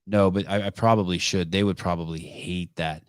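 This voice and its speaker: Low-voiced man rambling through a story. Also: steady tone, moderate pace, clear, resonant tone, no echo, studio quality. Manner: rambling storytelling with self-corrections and asides. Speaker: podcast host. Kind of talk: casual live call-in chat.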